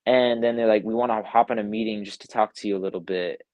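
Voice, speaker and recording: Speaking fast in a voice on the low side, a young music producer tells a story casually during a live online interview from his home over video call, acting out what others said and saying "like" often. The recording is muffled, with no echo.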